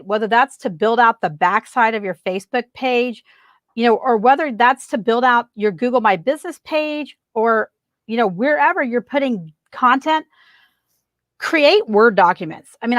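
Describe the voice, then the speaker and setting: A woman's voice: a little high, a bit bright, no room sound. A woman guest on a podcast, giving marketing advice in a casual, emphatic way and repeating her key points.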